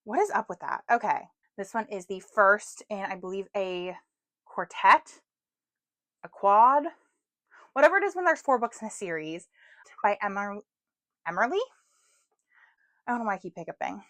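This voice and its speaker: A woman's voice: mid-range voice, animated, normal speed, pauses often, a bit bright. A woman chatting casually about books at home, chatty and self-deprecating, with lots of "like". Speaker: booktuber. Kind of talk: casual book chat.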